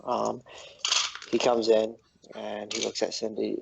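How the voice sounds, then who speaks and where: Slow, halting male game master. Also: fairly low pitch, monotone, gravelly, background noise. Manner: halting narration with many ums. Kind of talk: narrating a tabletop game.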